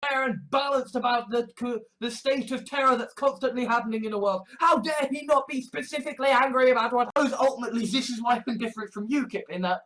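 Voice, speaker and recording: Sarcastic high-voiced man ranting. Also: quick pace, hardly any pauses, pushed and bright. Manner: sarcastic, indignant, profane, repeats himself. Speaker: online commentator. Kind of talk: ranting monologue compilation.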